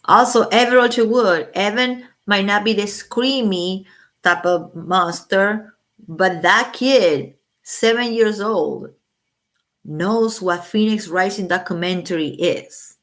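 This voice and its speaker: Taking it slowly in a medium-pitched, fairly bright voice, a woman with children hosts a livestream. She chats casually, states blunt opinions, and swears freely.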